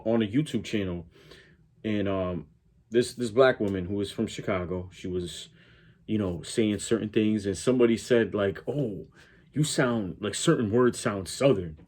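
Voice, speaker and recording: A man with a very low, deep voice talks casually to his viewers. He rambles and stops to restart his sentences, filling gaps with "um" and "like". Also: warm tone. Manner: rambling, many restarts and fillers. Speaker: reaction channel host. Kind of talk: casual talk to camera.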